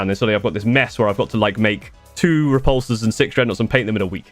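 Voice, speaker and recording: Fast-talking man rambling on stream. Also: on the low side, faint music behind. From United Kingdom. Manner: rambling with restarts and swearing, quick bursts. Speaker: streamer answering chat. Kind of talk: casual live-stream chat.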